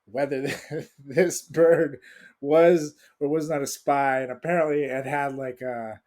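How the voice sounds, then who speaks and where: A man's voice: medium pitch, fairly even intonation, measured pace, a little mellow. A young man hosting a casual podcast with a jokey, rambling delivery and lots of fillers. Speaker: podcast host.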